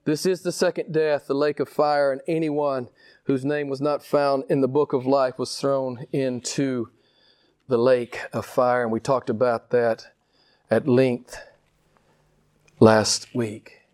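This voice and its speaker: A man preaching a sermon with passion, firing rhetorical questions and swinging widely between slow, emphatic lines and quick ones. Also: darkish tone. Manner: impassioned preaching, rhetorical questions, big swings in pitch and pace. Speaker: pastor.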